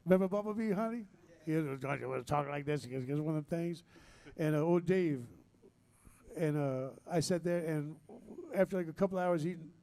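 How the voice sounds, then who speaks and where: A man shares stories at a live music venue. He rambles warmly, with restarts and Southern slang. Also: fairly high pitch, normal speed, creaky. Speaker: band member. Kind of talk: heartfelt live storytelling.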